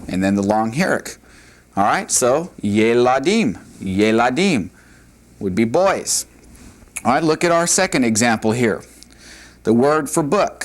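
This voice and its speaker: In a mid-range voice, a man leads a Hebrew grammar class from the board. He patiently goes back over key points, frequently saying "all right" and "uh."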